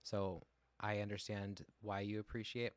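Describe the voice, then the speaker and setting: A man's voice: fairly low pitch, flat delivery, moderate pace, no echo. A man co-hosting a podcast in casual chat, supportive and rambling. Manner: supportive, rambling, self-deprecating. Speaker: podcast co-host.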